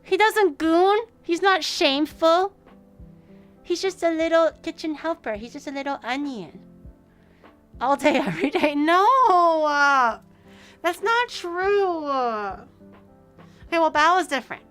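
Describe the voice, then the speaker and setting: A woman streamer chatting casually with viewers, playful and excitable, breaking into squeals and laughter. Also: sits high, unhurried, faint music behind. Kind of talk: casual live-stream chat.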